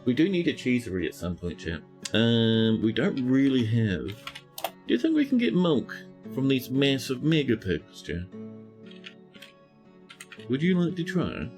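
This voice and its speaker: A man's voice: mid-range voice, sing-song, measured pace, pauses often, over music. A man giving chatty live-stream commentary as he plays a game, talking to his chat and scolding the characters on screen. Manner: chatty, talks to chat while playing.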